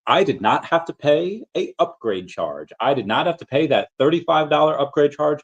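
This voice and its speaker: A man's voice: a little high, big pitch swings, normal speed, muffled recording. A man hosting a casual stream, telling stories in a rambling way with frequent restarts and fillers. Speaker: crypto collectibles vlogger. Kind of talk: casual livestream chat.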